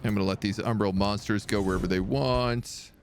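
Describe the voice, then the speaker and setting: A man's voice: on the low side, fairly even intonation, fairly quick, music in the background. A man casually commenting on a strategy game he is streaming live, talking to his units and making playful sound effects.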